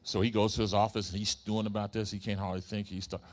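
A preacher delivering a sermon in a somewhat low voice, retelling a story with animated emphasis. He turns to his congregation with questions as he goes. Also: quick pace. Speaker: pastor.

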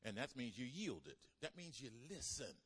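A man preaching a sermon as pastor, animated, calling the congregation to respond. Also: medium pitch, moderate pace, breathy edge.

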